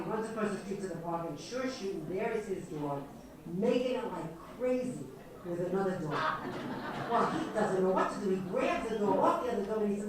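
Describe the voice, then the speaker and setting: A woman's voice: medium pitch, a little fast. An older woman giving a humorous talk, telling jokes to an audience and acting out the lines of the people in them. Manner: animated storyteller, acts out lines of jokes. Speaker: speaker telling jokes to seniors. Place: large hall with a live audience. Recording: echoey hall, voice from far off, crowd audible.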